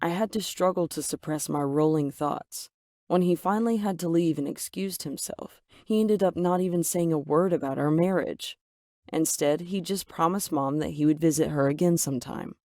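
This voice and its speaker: A woman reading a scripted first-person story as narrator, expressive and getting louder on angry lines. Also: sits low, normal speed, dry recording, clean studio sound.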